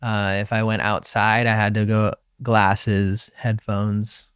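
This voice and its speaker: A young man from Hawaii, a professional surfer, telling his story in a relaxed, reflective way in an interview, often acting out his own inner voice. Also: lowish voice, slow pace, smooth, dry recording, studio quality.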